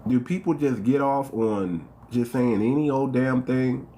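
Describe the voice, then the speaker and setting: A man's voice: mid-range voice, a little slow, dark tone. A man from the United States hosting a casual livestream, talking straight to his viewers, repeating phrases and firing off one rhetorical question after another. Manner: calls out to viewers by name. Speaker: livestream host.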